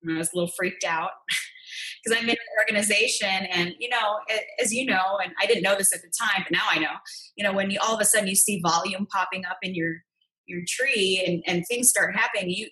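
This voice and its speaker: A woman's voice: mid-range voice, brisk, sharp tone, poor audio. A woman being interviewed, telling her personal story in an earnest, open, confessional way. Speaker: interview guest.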